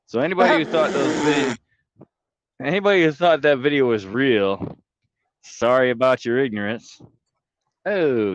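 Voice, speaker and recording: A man livestreaming, ranting theatrically with heavy swearing and mockery, jumping from mutters to shouts. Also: medium pitch, moderate pace, long pauses, poor audio. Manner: theatrical, swings from mumbling to shouting. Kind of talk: profane livestream rant.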